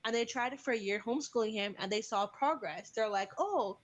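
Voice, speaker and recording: A woman's voice: fairly high pitch, quick pace, lo-fi sound. A woman hosting a casual chat, talking animatedly and acting out the voices of kids and parents. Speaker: host.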